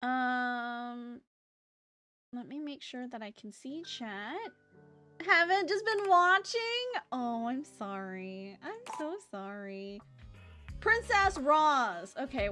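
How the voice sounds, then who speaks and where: A woman's voice: high voice, pushed and bright. A young woman streaming a game live, chatting casually and greeting her chat by name.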